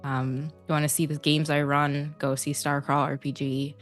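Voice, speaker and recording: A woman player giving a hesitant, halting farewell, close to tears, with many pauses and ums. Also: deep voice, little pitch movement, soft background music. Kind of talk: emotional outro chat.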